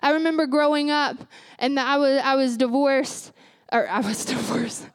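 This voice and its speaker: Brief: young woman preacher, high voice, dry close sound, emphatic repeats. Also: fairly even intonation, normal speed, no echo. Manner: emphatic, repeats key phrases, laughs at herself. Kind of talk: sermon.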